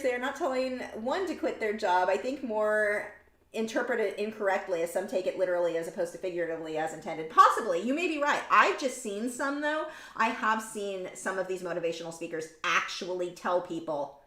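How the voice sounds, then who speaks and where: A woman artist chatting casually on a livestream as she paints and reads viewer comments aloud. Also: mid-range voice. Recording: echoey room.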